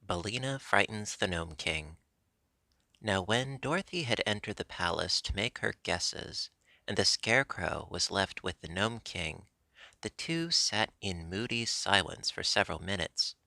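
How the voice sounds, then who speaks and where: A man reading a children's story aloud in an expressive, animated manner, recorded close in a dry room. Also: low-pitched, a little slow, creaky, no room sound. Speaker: audiobook reader. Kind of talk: storybook narration.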